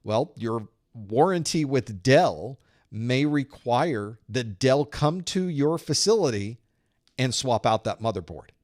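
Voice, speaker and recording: Guy running a live networking study session, chatty, goes "screw, screw" while explaining stuff, middle pitch. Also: animated, takes it slowly, darkish tone. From Southern United States. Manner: conversational, explains with analogies and playful sound-effect narration. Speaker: IT certification instructor hosting a live study group. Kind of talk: live-streamed study group Q&A.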